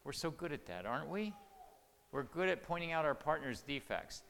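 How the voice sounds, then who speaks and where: A middle-aged man preaching, telling family stories in an earnest, folksy way and going soft and quiet when quoting his own words. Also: fairly high pitch, very animated, normal speed, creaky. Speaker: pastor or marriage speaker. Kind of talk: sermon with personal stories. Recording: reverberant hall, faint noise.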